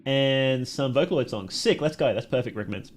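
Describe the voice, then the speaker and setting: A man's voice: mid-range voice, expressive, fairly quick. A young man with an Australian accent, chatting casually with his live stream chat and laughing often.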